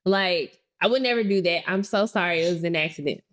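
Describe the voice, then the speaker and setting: Expressive woman telling a story on a podcast. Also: on the low side, fairly quick. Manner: expressive, acts out quotes. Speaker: podcast co-host. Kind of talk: casual storytelling.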